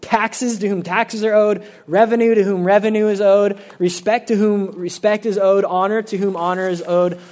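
A young man with a fairly high voice preaches in a loose, talkative way. He piles on fillers and briefly acts out the people he quotes. It sounds like a pastor talking to his congregation. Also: steady tone, a little mellow. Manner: casual, conversational preaching with many fillers; acts out quoted speakers in quick asides. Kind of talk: sermon.

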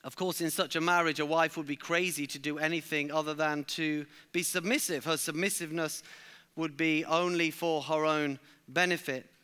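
A man's voice: fairly high pitch, fairly even intonation, normal speed, sharp tone, clean tone. A male preacher delivering a sermon, emphatic, and repeating key lines for stress.

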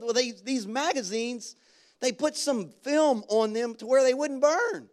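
A male pastor preaching a sermon, talking in a loose, conversational way and breaking into loud, excited shouts. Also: extremely high pitch, moderate pace. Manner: animated preaching that jumps into loud shouted bursts; conversational storytelling with casual slang. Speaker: guest pastor.

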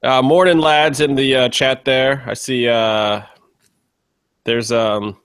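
A man co-hosting a podcast, rambling through casual chat and laughing easily. His voice sits at a middle pitch. It is recorded close and dry. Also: steady tone, slow pace, a bit bright, clear, resonant tone, no echo. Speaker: podcast co-host.

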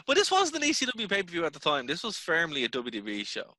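A young Irish man co-hosting a podcast in casual chat, chatty and excitable, jumping from topic to topic. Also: a little high, fast, dry recording. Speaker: podcast co-host.

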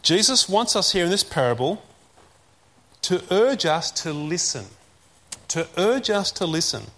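A man preaching a sermon, repeating key phrases and slowing down to stress commands. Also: high-pitched, sing-song, fairly bright tone.

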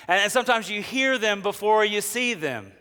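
A man preaches in a high, smooth, resonant voice. He tells humorous stories and acts out the people he describes. The sound carries a long reverb from a church sanctuary. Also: lively intonation, moderate pace, pushed and bright. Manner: humorous storytelling, acts out quoted characters. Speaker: pastor. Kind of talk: sermon.

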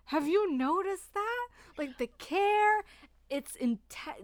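A woman's voice: very high voice, expressive, takes it slowly, no echo. A woman co-hosting a podcast, chatting casually and animatedly about books, laughing and swearing often. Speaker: podcast co-host. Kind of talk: casual book chat.

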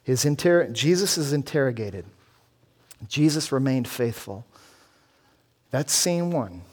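A man's voice: mid-range voice, lively intonation, slow, a little mellow. A male pastor preaching an expository sermon, earnest and building emphasis as he walks through a scripture passage.

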